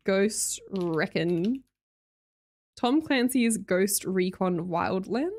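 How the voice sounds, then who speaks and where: A woman's voice: medium pitch, very slow, darkish tone. A young Australian woman streaming live, chatting casually with her viewers and reading out their messages, bubbly and laughing often.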